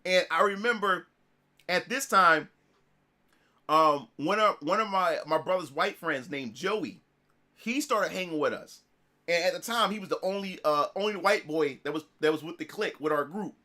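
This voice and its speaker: High, bright-voiced male streamer. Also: normal speed. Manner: animated, profane, full of restarts. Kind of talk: casual storytelling on a livestream.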